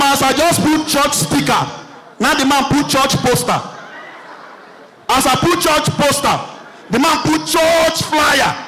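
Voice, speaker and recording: A young man with a Nigerian accent performing an animated stand-up comedy routine, mimicking characters as he tells stories. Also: very high voice. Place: live show before an audience. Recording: crowd noise, light background hiss.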